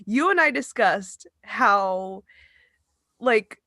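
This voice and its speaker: A woman's voice: mid-range voice, expressive, very slow, bright, forceful tone, no echo, clean studio sound. A woman co-hosting a podcast, telling a rambling family story in casual chat. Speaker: podcast co-host.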